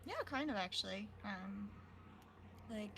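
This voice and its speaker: Soft-spoken bright woman streamer. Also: mid-range voice, a little slow, slight background noise. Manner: laughs often. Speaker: guest streamer. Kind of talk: casual chat. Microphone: home streaming mic.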